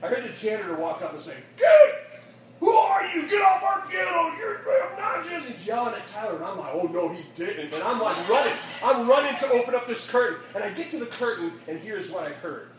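A man, a youth pastor, telling a lively story in a sermon and acting out the voices, laughing as he goes, then closing in prayer. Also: high-pitched, fast talker, hardly any pauses, a crowd in the background. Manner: animated storyteller, acts out quotes, laughs often. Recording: echoey room, distant mic, audible noise.

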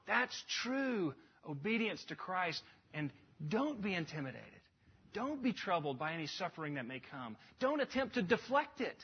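A man delivers a sermon with earnest emphasis, his voice sitting a little high and carrying a husky edge. He lifts into urgent passages and then drops to a hush. The recording sounds dull and lo-fi. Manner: earnest, emphatic, with sudden rises and hushed drops. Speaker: preacher.

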